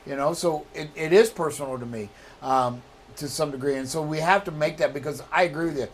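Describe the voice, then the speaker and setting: Chatty host man, slightly high voice. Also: brisk, slight background noise. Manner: chatty, agreeable. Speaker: host, safety director. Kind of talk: casual talk show chat.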